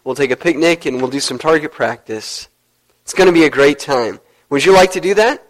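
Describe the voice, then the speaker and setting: A man's voice: on the high side, brisk, natural voice, rough recording. A man voicing an old country grandfather who talks in a plain, cheerful, folksy way.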